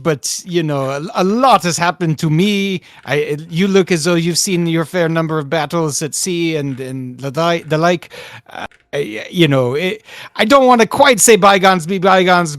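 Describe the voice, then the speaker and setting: A man playing a tabletop role-playing game, speaking in character in a hesitant, halting way with a pompous air. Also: fairly high pitch, dry recording, studio quality. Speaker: player.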